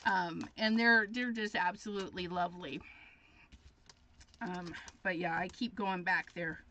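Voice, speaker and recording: A woman's voice: medium pitch, sharp tone, a little hiss or hum. A middle-aged woman hosting a crafting livestream, chatting casually and chipperly as she works and tells stories. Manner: chatty, chipper storyteller reading viewer comments. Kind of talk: casual chat while crafting.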